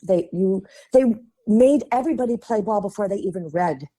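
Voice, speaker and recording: A woman from Chicago with a Midwestern accent, a guest on a podcast, telling chatty and animated stories, laughing often and acting out the voices of people she quotes. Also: medium pitch, moderate pace. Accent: Midwestern American. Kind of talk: casual interview storytelling.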